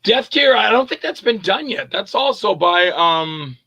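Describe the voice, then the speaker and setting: A middle-aged man, an actor and director, telling anecdotes in a casual interview, animated and acting out quoted voices. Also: high-pitched, a little slow, creaky, no room sound, highs cut off.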